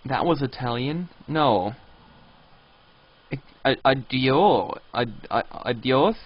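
A man's voice: mid-range voice, expressive, takes it slowly, husky. A man streaming a video game live, rambling and reading signs and chat messages aloud. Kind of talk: live gameplay commentary. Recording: dull lo-fi stream audio.

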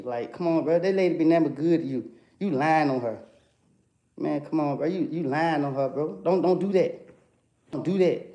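A young man ranting heatedly into a livestream, calling someone out and circling back to "bro" and "come on, man" again and again. His voice sits a little high for a man, with a warm, dark-toned mellowness under the confrontation. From Atlanta, USA.

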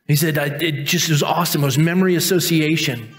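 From a church sanctuary comes a fast-talking male pastor in his fifties with a fairly high-pitched voice. His sermon is conversational and pokes fun at himself as he narrates a personal story, dramatizing the voices of its people.

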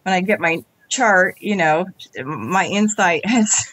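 A woman's voice: fairly low pitch, slow, no room sound. Middle-aged woman telling her story. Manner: animated, acts out quoted dialogue. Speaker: interview guest. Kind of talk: candid conversational storytelling.

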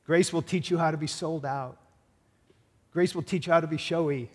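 Brief: male pastor preaching earnestly, voice a touch high, ringing hall echo. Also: steady tone, moderate pace, a little mellow. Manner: earnest preaching, retelling a film scene with quoted lines. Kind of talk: sermon. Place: church sanctuary. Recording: church hall reverb.

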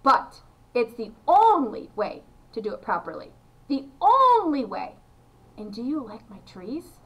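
A woman voicing an eccentric, excitable male candy maker who talks in an eager, showy, coaxing way while reading a children's storybook aloud. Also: fairly high pitch, unhurried, slightly rough, distant mic, heavily acted, rough recording. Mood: eager showman.

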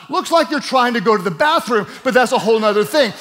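Talking fast with barely a pause, this male pastor has a very high, slightly bright voice and lively intonation. His sermon is emphatic, with the congregation urged to repeat words aloud and playful asides sprinkled throughout.

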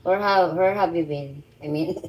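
A woman's voice: on the low side, moderate pace, lo-fi sound. A woman hosting a casual live stream while she cooks. She chats playfully, greets and thanks viewers by name, and chuckles often. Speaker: livestream host.

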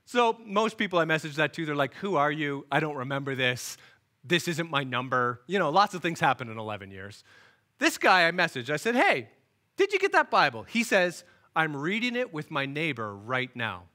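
Animated bright-voiced man telling stories. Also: fairly high pitch, moderate pace. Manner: animated, acts out the people in his stories. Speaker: guest speaker. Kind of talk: storytelling sermon. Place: church, recorded for online worship.

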